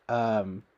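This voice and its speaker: A man's voice: on the low side, a little mellow, slight background noise. A man chatting casually to his livestream viewers, meandering with many fillers and restarts. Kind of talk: casual rambling livestream chat.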